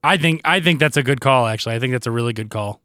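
A man co-hosting a podcast, chatting in a relaxed, casual way and trailing off with fillers. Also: medium pitch, rapid-fire, no echo, studio quality. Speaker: podcast co-host. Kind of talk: casual chat.

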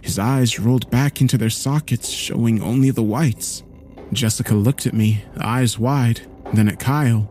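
A man narrating a horror story in a slow, grave storytelling manner. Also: medium pitch, steady tone, mellow, a little hiss or hum.

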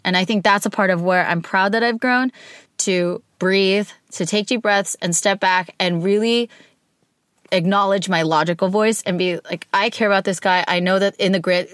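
A woman co-hosting a casual chat with her partner, candid and expressive, acting out her own outbursts as she talks. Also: mid-range voice, dry recording, studio quality. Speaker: podcast co-host talking with her partner.

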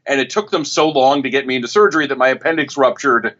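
A man's voice: medium pitch, fast, a bit bright, lo-fi sound. A man, a television critic and author, telling a story as an interview guest, rambling and often restarting his sentences. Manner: rambling, with frequent restarts and self-corrections.

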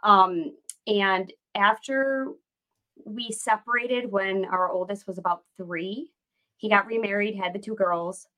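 Speaking slowly with a medium-pitched voice that's bright and forceful, an American entrepreneur in her late thirties rambles candidly through her story as an interview guest. The audio quality is poor.

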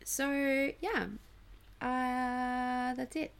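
Female podcast host, unhurried delivery, teasing, quick to laugh. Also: high voice, little pitch movement, smooth. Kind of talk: casual chat.

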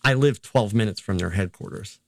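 A man's voice: on the low side, fairly quick, vocal fry, no echo. An older man, a photographer and teacher, telling stories in a casual, rambling, self-deprecating way in an interview. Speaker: photographer and educator.

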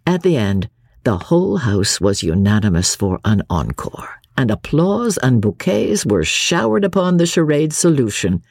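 A woman narrating a classic novel as an audiobook, with a close studio mic and an expressive reading that lifts her voice for the characters. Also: extremely low pitch, a little slow, breathy edge, no room sound.

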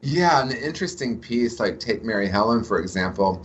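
A man's voice: mid-range voice, lively intonation, brisk, slightly rough, low-quality recording. A man speaking as an interview guest about recovery, telling reflective spiritual stories in a conversational way. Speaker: guest, addiction recovery teacher.

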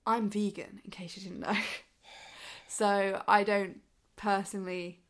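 A woman's voice: medium pitch, flat delivery, slow pace, slight background noise. A woman co-hosting a casual podcast, giggly and self-deprecating. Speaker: podcast co-host.

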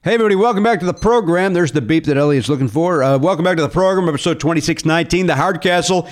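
A middle-aged man hosting a podcast, joking in quick, casual comedic banter. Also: a little high. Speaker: podcast host.

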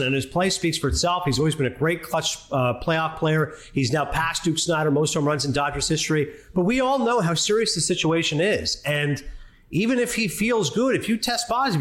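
A Canadian man, a sports broadcaster, chatting as a guest and telling stories quickly. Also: a little high. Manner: fast, animated storyteller. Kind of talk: casual chat.

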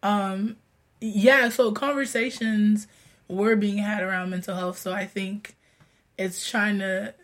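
Young woman guest from Haiti, congested and sick, reflective and relaxed. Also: mid-range voice, slow. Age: young adult. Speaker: therapist. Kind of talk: casual podcast chat.

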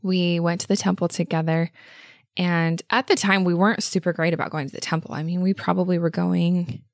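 A woman's voice: on the low side, flat delivery, brisk, creaky, dry recording, clean studio sound. A woman co-hosting a podcast, telling a personal story in an earnest, enthusiastic way with lots of casual fillers. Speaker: podcast co-host.

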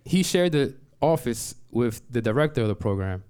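Man, storyteller, smooth clear voice, easy everyday delivery, lots of "like", punchy emphasis. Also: medium pitch, lively intonation, normal speed, a little mellow. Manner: conversational, repeats "like" and restarts. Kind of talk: personal story told to an audience.

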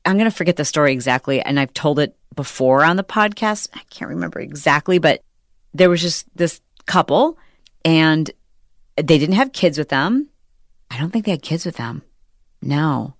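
A middle-aged woman hosting a podcast, telling a story in an animated, chatty way and acting out the people she quotes. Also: deep voice, moderate pace, no room sound, clean studio sound. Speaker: podcast host. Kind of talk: casual chat.

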